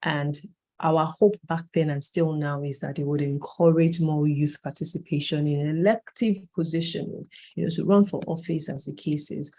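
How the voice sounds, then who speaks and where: In their late thirties, a workshop facilitator lectures a training cohort conversationally, stressing key points and correcting themselves mid-sentence. The voice is mid-range, steady and mellow, at a moderate pace.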